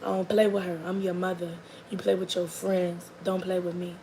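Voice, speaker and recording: A woman's voice: lowish voice, little pitch movement, normal speed, mellow, low-quality recording. A young adult woman, chatting casually and animatedly about her child, with lots of fillers. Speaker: mother. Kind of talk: casual storytelling chat. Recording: faint background noise.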